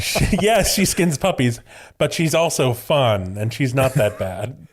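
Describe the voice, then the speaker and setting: Giggly man chatting on a podcast. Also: mid-range voice. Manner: animated, giggly, quick bursts of speech. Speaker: podcast co-host. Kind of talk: casual chat.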